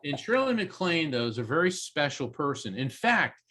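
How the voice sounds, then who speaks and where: A man, a podcast guest, telling a long anecdote with lively energy and acting out the quoted voices. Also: a little high, moderate pace. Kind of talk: animated storytelling in a podcast interview.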